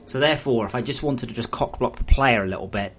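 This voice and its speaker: A man's voice: mid-range voice, fast talker. A man, a solo game developer chatting frankly and ramblingly with viewers on a live stream. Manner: rambling, frank, talks straight to chat.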